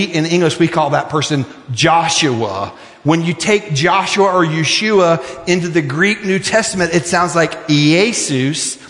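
A male pastor preaching a sermon with passion, swinging from near-shouts to hushed, earnest appeals. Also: a little high. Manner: impassioned preaching, rising to shouts and dropping to hushed prayer. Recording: echoey hall with long reverb.

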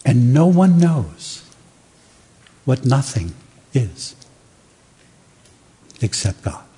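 A man preaching a sermon with dramatic, emphatic pauses. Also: mid-range voice, big pitch swings, mellow, slightly rough. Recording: long reverb of a large hall.

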